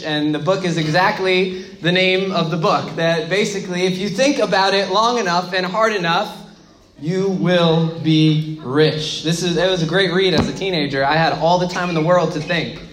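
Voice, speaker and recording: A man's voice: high-pitched, fairly even intonation, normal speed, a bit bright, a little hiss or hum. A man giving a conversational sermon as a pastor, speaking informally, repeating key phrases and asking the audience questions. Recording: echoey room.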